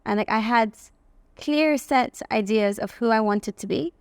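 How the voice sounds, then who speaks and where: Woman guest, gravelly tone, animated personal anecdotes, dry sound. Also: fairly high pitch, a little slow, no room sound. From England. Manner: animated, acts out quoted voices, frequent "like". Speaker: guest, facial aesthetics practitioner. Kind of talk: personal storytelling interview.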